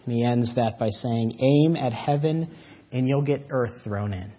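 A man preaching a sermon as pastor, swinging between loud emphatic lines and soft drawn-out words. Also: medium pitch, slightly rough. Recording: dull lo-fi church audio.

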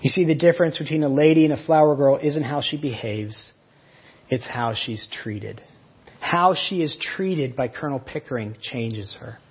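Pastor guy giving a sermon, kinda breathy, muffled lo-fi audio. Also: medium pitch, normal speed. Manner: earnest, explanatory storytelling.

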